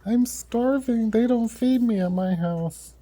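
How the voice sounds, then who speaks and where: A man voicing his hungry, dramatic pet dog, in a high, whiny, pleading voice. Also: takes it slowly, warm tone, heavily acted.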